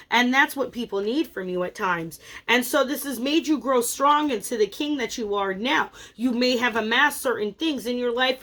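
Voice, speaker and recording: A woman's voice: on the high side, fairly bright tone. A woman giving a casual tarot reading in a playful, teasing, chatty way. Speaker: tarot reader.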